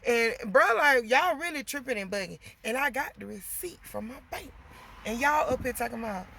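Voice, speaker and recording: A woman venting in a casual monologue to her viewers, animated and emotional, getting loud as she talks. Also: a little high, normal speed, creaky, slightly rough. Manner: gets loud when emotional.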